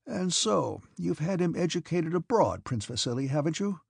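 Guy voicing a grumpy old prince, piercing and gravelly, snaps at everyone. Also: fairly high pitch, very animated, moderate pace, dry recording, clean studio sound, pitched above the performer's own voice, heavily acted. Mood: brusque. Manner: barking, mocking, piercing outbursts. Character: cranky old male prince, abrupt and sharp.

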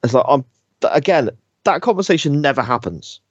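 A man co-hosting a podcast, talking in a relaxed, conversational way and laughing easily. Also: a little high, fairly quick, breathy edge, no room sound. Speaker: podcast co-host. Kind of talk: casual chat reviewing a TV episode. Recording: dry, slightly dull sound.

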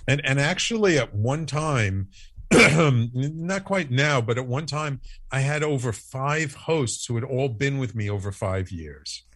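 A man telling a story in a casual interview, acting out the quoted lines with lively, animated delivery. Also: mid-range voice, takes it slowly, no echo. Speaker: podcast network founder, guest.

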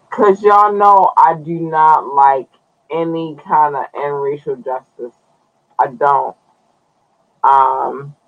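A man's voice: mid-range voice, narrow, tinny audio. A man hosting a podcast, chatting loosely to his viewers, cursing and drawing out his words. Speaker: podcast host. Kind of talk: casual live-stream news commentary.

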